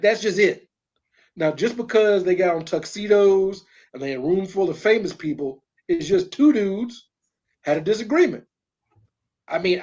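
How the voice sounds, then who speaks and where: Husky-voiced man on dull lo-fi audio. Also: sits high, a little mellow. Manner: conversational, poses rhetorical questions. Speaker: podcast co-host. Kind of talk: casual podcast chat.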